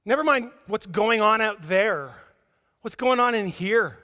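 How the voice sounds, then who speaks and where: A man's voice: sits high, lively intonation, a little slow, sharp tone. A man preaching a sermon as pastor, telling stories with humor and acting out the scenes. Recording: echoey church hall.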